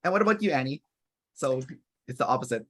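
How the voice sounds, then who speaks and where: A man's voice: medium pitch, expressive, fast, fairly bright tone. Man interviewing, casual and friendly. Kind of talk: casual conversation.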